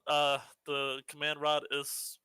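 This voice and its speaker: Bright, crisp-voiced man playing a tabletop game. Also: on the high side, monotone, slow, no room sound. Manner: hesitant, many ums, swears freely. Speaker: player. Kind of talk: casual tabletop play.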